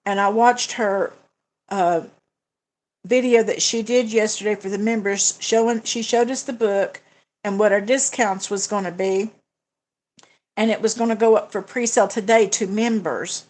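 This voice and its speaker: A woman's voice: mid-range voice, fairly even intonation, normal speed, darkish tone. A woman hosting a budgeting livestream, chatting casually with viewers and answering their comments, with frequent fillers and restarts. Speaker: budgeting channel host.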